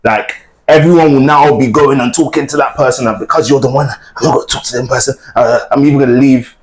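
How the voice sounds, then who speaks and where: A man's voice: medium pitch, steady tone, quick pace, low-quality recording. A young man with a British accent, a guest storyteller talking earnestly and reflectively about his life. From United Kingdom. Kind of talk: casual chat.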